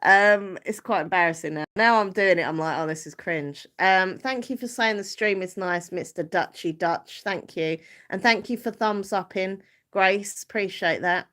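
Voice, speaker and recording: A woman's voice: mid-range voice, normal speed, fairly bright tone. A woman with an Essex accent hosting a casual live stream, chatty, giggly and self-deprecating. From Southend-on-Sea, Essex, England.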